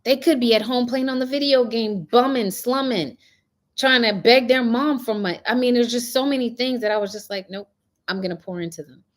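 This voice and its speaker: A woman's voice: fairly high pitch, brisk. A middle-aged woman hosting a casual spiritual talk, telling stories with animation and a preachy edge. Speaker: host.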